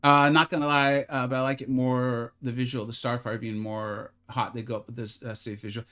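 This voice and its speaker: A man streaming a mobile fighting game live, chatting casually with his viewers, joking at his own expense, and sometimes slipping into a mock infomercial pitch. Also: little pitch movement, moderate pace, sharp tone. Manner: chatty, self-deprecating, bursts into mock infomercial hype. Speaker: gaming streamer.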